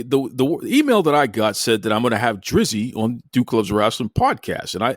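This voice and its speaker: A man's voice: mid-range voice, dry recording, studio quality. A man with a Boston accent hosting a casual podcast interview, joking and stumbling over his words as he teases his guest. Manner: jokey, stammering, lively teasing. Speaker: podcast host.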